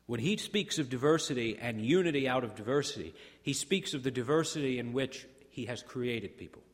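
A man preaching a sermon as pastor, swinging between hushed, drawn-out phrases and rousing, repetitive build-ups. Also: medium pitch, lively intonation. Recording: long hall reverb.

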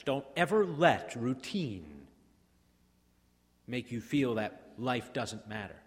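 A man preaching a sermon as pastor, swinging between hushed, drawn-out phrases and rousing, repetitive build-ups. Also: medium pitch. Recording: long hall reverb.

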